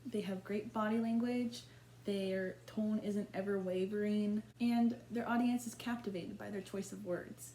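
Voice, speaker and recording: A woman's voice: medium pitch, fairly even intonation, a little slow, dark tone, a little hiss or hum. A young woman earnestly giving a prepared lesson on public speaking, with small slips as she reads her points. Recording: echoey room.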